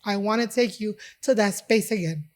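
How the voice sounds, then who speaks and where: A woman's voice: medium pitch, normal speed. A woman from Chicago, a chef and restaurant owner, talking in conversation and acting out the dialogue in her stories. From Chicago, United States. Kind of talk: conversational storytelling.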